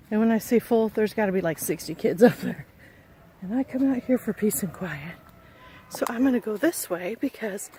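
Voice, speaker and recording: A woman vlogging on a phone as she hikes through caves and woods, talking excitedly to the camera and out of breath at times. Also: mid-range voice, slight background noise. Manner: chatty, excited, talking to camera while walking. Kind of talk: casual hiking vlog. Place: outdoors in caves and forest. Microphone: phone held while walking.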